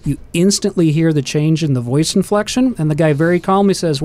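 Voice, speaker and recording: A man explaining aviation safety in a calm, steady manner during a casual panel talk. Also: a little high, brisk.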